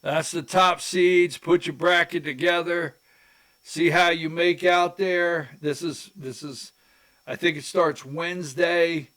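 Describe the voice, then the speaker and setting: Folksy guy hosting his own talk show, slow and rambling, kinda high voice, says stuff twice. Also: steady tone, fairly bright tone. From rural Georgia. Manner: rambling, folksy, repeats phrases. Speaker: political talk show host. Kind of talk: casual commentary monologue.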